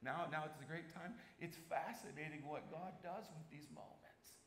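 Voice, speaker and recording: Pastor guy preaching, kinda high voice, goes soft then punchy, roomy echo in the church. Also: moderate pace. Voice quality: storytelling, shifts between soft and emphatic. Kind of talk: sermon. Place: church sanctuary. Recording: echoey church hall, faint noise.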